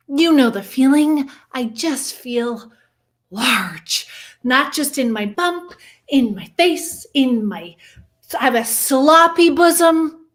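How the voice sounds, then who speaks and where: A woman's voice: high-pitched, a bit bright. A woman in her thirties hosting a live stream, exuberant and self-mocking, a little out of breath. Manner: exuberant, greets viewers by name, self-mocking jokes. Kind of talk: bubbly live-stream chat.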